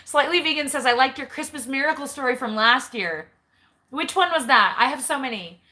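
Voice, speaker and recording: A bright, chirpy woman in her forties chats through a live question-and-answer stream. She reads viewer comments aloud and rolls into long, rambling family stories. Her voice sits a little high. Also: brisk. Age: 40s. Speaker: host, homeschooling mother. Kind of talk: casual live Q&A chat. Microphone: live stream camera mic.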